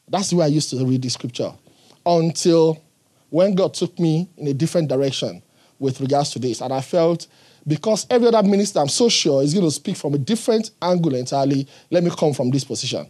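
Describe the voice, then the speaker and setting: Earnest male preacher with a husky voice. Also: on the high side, animated, fast, a little mellow. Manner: earnest, emphatic, questions to the congregation. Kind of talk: sermon.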